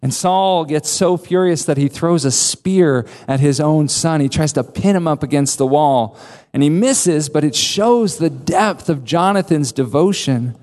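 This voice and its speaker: A man preaching a sermon, emphatic and earnest, with dramatic pauses. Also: a little high, a little mellow. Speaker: pastor. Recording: long reverb of a large hall.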